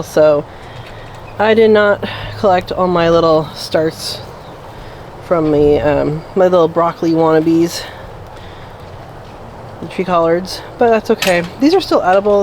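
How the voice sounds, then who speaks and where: A woman's voice: lowish voice, normal speed, long pauses, darkish tone, a little hiss or hum, poor audio. A woman giving a casual walkthrough of her garden and animals, chatting as she goes and talking sweetly to her pets. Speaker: homesteading vlogger. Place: outdoor yard and garden.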